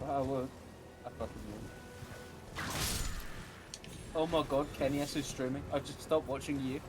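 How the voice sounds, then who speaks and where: A man's voice: medium pitch, fairly even intonation, unhurried, heavy background noise. A man in casual, sweary banter on a game stream, joking and laughing a lot. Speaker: streamer's guest co-commentator.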